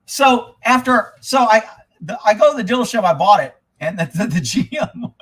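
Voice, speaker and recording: A middle-aged man hosting a live stream, ranting loudly and profanely as he tells stories in casual talk. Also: high-pitched, expressive, normal speed, breathy edge. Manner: loud, profane, type A storyteller.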